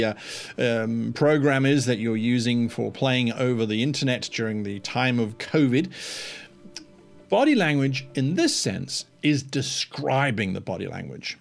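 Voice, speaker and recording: A man's voice: mid-range voice, gravelly. A man hosting a tabletop game master tips video, talking enthusiastically and emphatically. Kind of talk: casual tutorial talk.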